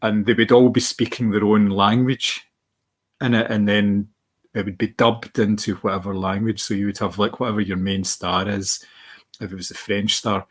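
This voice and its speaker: A man's voice: fairly low pitch, little pitch movement, normal speed. A man, co-hosting a film podcast in a rambling, casual way. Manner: rambling, many restarts. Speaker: podcast co-host.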